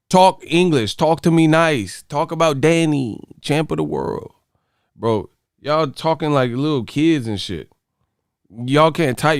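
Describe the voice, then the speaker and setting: Male streamer host, slightly high, smooth and dry-sounding, profane and mocking while reading chat. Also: no room sound. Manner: profane, mocking, animated rants. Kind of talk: casual livestream chat reading.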